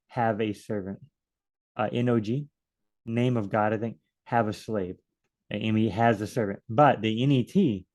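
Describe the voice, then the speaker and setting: A man's voice: mid-range voice, darkish tone. A man leading a casual Bible study, thinking aloud and adding joking asides as he reads verses.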